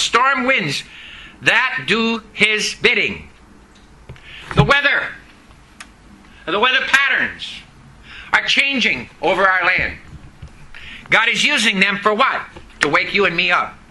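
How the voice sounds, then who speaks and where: Preacher, male, very high and piercing voice, emphatic, quizzes the congregation. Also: big pitch swings, slow, long pauses, poor audio. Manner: emphatic, questions the congregation, rises to shouting. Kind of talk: sermon. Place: church service.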